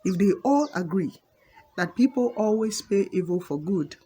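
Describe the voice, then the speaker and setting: A woman's voice: mid-range voice, expressive, moderate pace, breathy edge. Woman doing a sly hungry lion. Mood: gloating. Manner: pleading softly, then gloating. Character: hungry sly male lion, oath-breaking.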